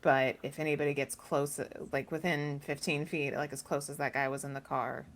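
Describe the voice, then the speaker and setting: A woman with a low voice plays a tabletop game, talking through her character's moves with hesitant restarts. She keeps her voice down rather than yelling. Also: little pitch movement, brisk. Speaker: player.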